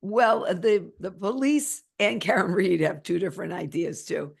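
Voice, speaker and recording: A hoarse woman with laryngitis co-hosts a relaxed podcast chat. She keeps her voice low and soft, close to a whisper, to spare her throat. The sound is gravelly and frayed, with plenty of fry. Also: normal speed. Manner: talks quietly, near a whisper, to save her voice. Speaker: podcast co-host. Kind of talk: casual chat.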